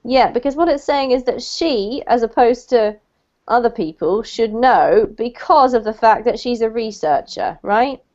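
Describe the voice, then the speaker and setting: A woman tutor runs an online English lesson, praising her student and slowing down to model pronunciation. Her voice sits slightly high. The call audio is dull and lo-fi. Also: a little mellow. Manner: encouraging, clarifies pronunciation with slow modeled words. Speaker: English teacher.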